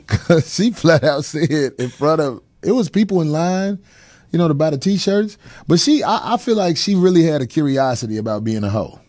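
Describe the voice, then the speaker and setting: A middle-aged man, a comedian hosting a talk show, tells stories in a relaxed, heavily profane way, laughing frequently, chuckling mid-tale and dropping into character voices for people he quotes. His voice is a little high, expressive and darkish, at a normal speed, on a dry recording.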